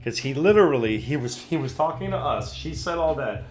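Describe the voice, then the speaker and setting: A young man streaming from home, casually telling a story and acting out the other people's voices with big pitch jumps. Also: a little fast. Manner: animated, acts out quotes with pitch jumps. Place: home room. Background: soft background music.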